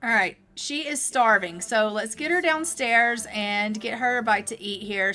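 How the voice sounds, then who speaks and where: A woman streamer talking through a life-sim game in a loose, chatty way, full of fillers and asides. Her voice is bright and fairly high, and faint music plays underneath. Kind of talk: casual let's-play commentary.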